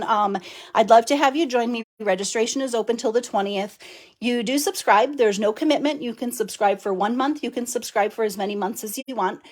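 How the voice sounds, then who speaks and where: Chatty, giggly woman hosting a craft stream. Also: on the high side. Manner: chatty, effusive, laughs often, reads viewer comments aloud. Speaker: crafting live-stream host. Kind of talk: casual live-stream chat.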